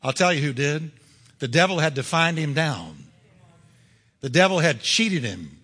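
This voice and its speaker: A male pastor preaching in a high, bright, ringing voice, pressing each point with emphatic force. His words carry a long reverb from a large church hall. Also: lively intonation, a little slow, pauses often, breathy edge. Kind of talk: sermon.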